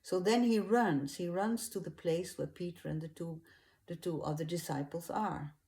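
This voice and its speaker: A woman retelling a religious story in an unhurried, hesitant way, with fillers and restarts. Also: on the low side, dark tone.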